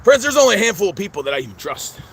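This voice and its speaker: A middle-aged man vlogs outdoors at a cemetery in a high-pitched, sing-song voice, racing along. His personal vlog rambles, full of stammering restarts, and he calls his viewers "friends" constantly. Slight background noise is present.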